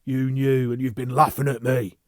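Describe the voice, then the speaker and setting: A man's voice: mid-range voice, fairly even intonation, measured pace, a little mellow, no echo, lightly acted. A tormented, volatile spaceman speaks in raised, urgent bursts, as a man reads him. The delivery is pleading and bitter. The recording is dry and close. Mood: accusing.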